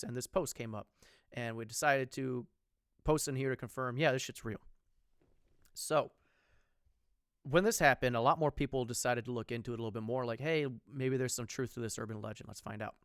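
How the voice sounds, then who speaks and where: A man's voice: medium pitch, fairly quick, clear, resonant tone, no echo, clean studio sound. A man co-hosting a podcast, telling a story in casual chat, rambling with lots of ums, restarts and swearing. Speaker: podcast co-host.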